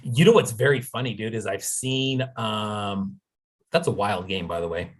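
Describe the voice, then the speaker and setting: A man's voice: lowish voice, normal speed. A middle-aged man from the United States hosting a podcast in a laid-back, casual way, often saying dude and man. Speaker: podcast host. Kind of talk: casual chat.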